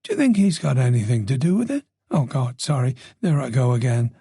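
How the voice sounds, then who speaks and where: A man's voice: medium pitch, sing-song, brisk, vocal fry, mellow, husky, dry recording, clean studio sound, exaggerated voice. A man voicing a chatty, nosy older village woman with a faint Dublin Irish accent. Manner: gossipy, nosy, playful.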